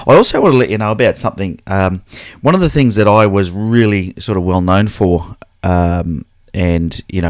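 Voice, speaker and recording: A man's voice: low-pitched, no room sound, studio quality. A man with an Australian accent hosting a casual photography live stream, chatting loosely and greeting viewers by name. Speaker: photography livestream host.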